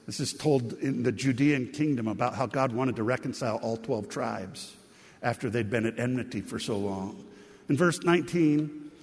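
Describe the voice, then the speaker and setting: Husky-voiced pastor preaching in a reverberant hall. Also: male voice, medium pitch, moderate pace, a little mellow. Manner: earnest, conversational preaching with heartfelt emphasis. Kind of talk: sermon.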